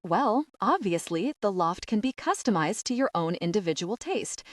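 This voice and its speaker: A woman voicing a calm, dry-witted male architect who speaks politely and deadpan. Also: mid-range voice, moderate pace, dry recording, recorded from a distance, natural voice.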